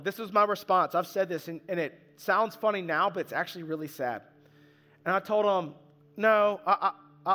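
A pastor preaching a sermon to his congregation, speaking in a conversational, earnest way and poking fun at himself. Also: sits high. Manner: conversational, earnest, self-deprecating. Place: church sanctuary. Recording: reverberant hall with soft music.

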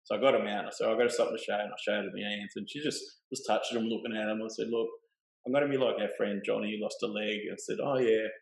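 A middle-aged man, telling a personal story in a relaxed, plain-spoken way. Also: on the low side, very fast, vocal fry. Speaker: guest. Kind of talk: casual storytelling. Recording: roomy echo.

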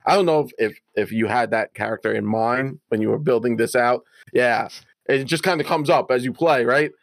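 A man who played in the game, chatting afterward and retelling moments with animated energy. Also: mid-range voice, normal speed, vocal fry, no room sound. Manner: animated storytelling, rising when excited. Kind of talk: casual post-game chat.

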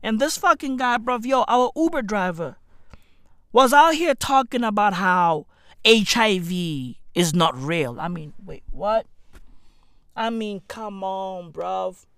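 A comedic host ranting profanely, with slang and repeated "bruv", swinging between shouting and muttering. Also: mid-range voice, expressive, slow pace, clear, resonant tone, no echo, clean studio sound. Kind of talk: comedic rant.

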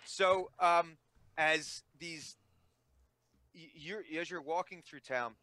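A man narrating a tabletop game as game master, halting and restarting often as he describes the scene. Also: fairly high pitch, bright, forceful tone, no echo. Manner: halting, full of restarts and fillers.

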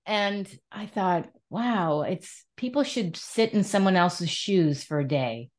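A woman hosting an interview, telling stories in an animated, supportive way. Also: mid-range voice, a little slow. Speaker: host. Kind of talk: conversational interview.

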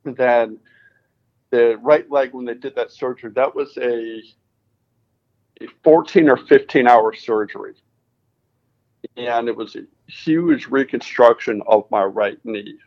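A racing driver from Connecticut, a guest in a casual interview, tells his story animatedly and acts out the dialogue he quotes. His medium-pitched voice is a little slow, with long pauses, and the audio sounds dull.

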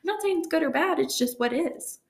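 A woman co-hosting a podcast in casual chat, expressive and exclamatory, recorded in a public venue. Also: high voice, fairly quick, reverberant, noisy background. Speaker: podcast co-host.

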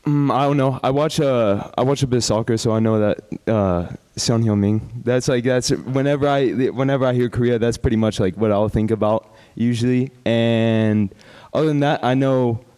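A man's voice: mid-range voice, moderate pace, few pauses, warm tone, smooth. A young man answering questions in class, hesitant and filling gaps with um and uh. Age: young adult. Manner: hesitant, many fillers. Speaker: student volunteer.

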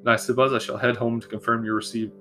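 A man's voice: mid-range voice, flat delivery, fast, bright, forceful tone, faint music behind, natural voice. A man voicing a clumsy apologetic messenger. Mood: flustered.

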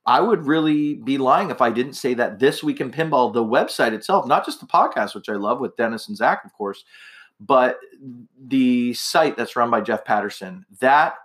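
A man's voice: medium pitch, lively intonation, moderate pace, a bit bright. Rambling, slightly tipsy male podcast host. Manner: rambling, chatty, many fillers and restarts. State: a little tipsy, slightly slurring. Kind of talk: casual solo podcast monologue.

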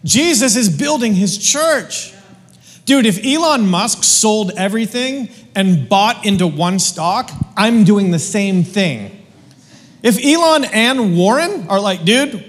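A man's voice: sits high, animated, takes it slowly, long reverb tail. A man preaching a sermon in a casual, joking, slangy way, stumbling over restarts as he goes. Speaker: pastor.

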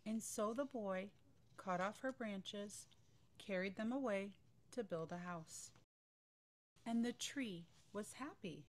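A woman reading a children's bedtime story aloud in a calm, gentle manner. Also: medium pitch, slow.

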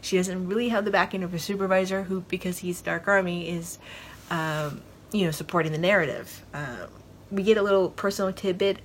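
Woman podcast host, lowish voice, rambling casual episode recap, filler-heavy, faint background hiss. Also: steady tone, brisk. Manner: rambling, retells scenes with lots of fillers.

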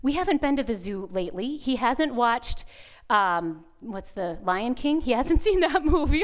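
A woman in her thirties speaking at a retreat, telling a lively story as a sermon and acting out voices in the quotes. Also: sits high, a little slow.

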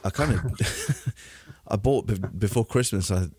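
A man's voice: lowish voice, animated, measured pace, a little mellow, husky, no room sound, clean studio sound. A British man in an easygoing, rambling casual chat, laughing at himself.

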